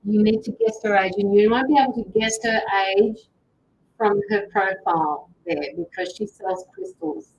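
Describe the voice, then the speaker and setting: A woman's voice: medium pitch, normal speed, darkish tone, a little hiss or hum, low-quality recording. An Australian woman hosting a tarot livestream, chatting casually and greeting viewers as she reads out their comments. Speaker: tarot reader and livestream host.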